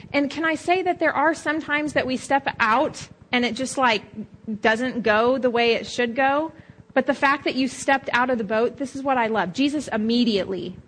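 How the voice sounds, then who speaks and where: A middle-aged woman preaching with a somewhat high voice, in a casual, storytelling manner. She slips into quoted voices as she talks. A faint hiss of background noise sits under the recording. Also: a bit bright, poor audio. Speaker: pastor. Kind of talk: sermon.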